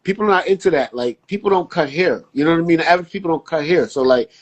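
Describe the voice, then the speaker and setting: A man chatting on a podcast, his voice slightly husky. He tells his stories with lots of street slang. When he quotes people, his pitch jumps up. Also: fast, highs cut off. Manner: animated storyteller, jumps high acting out quotes, casual slang. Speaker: podcast guest, barber. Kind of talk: casual podcast chat.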